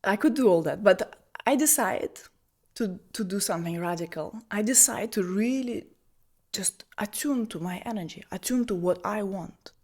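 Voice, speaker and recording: A woman in the middle of a video-call talk, telling her own story as a spiritual teacher. She moves between hushed, breathy asides and bright, emphatic lines, at an ordinary pitch for a woman. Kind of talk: personal storytelling talk on feminine energy.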